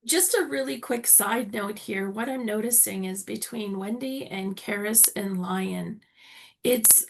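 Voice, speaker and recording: A woman's voice: medium pitch, measured pace, gravelly. A woman hosting an online summit interview, enthusiastically praising her guest and asking follow-up questions. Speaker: summit host.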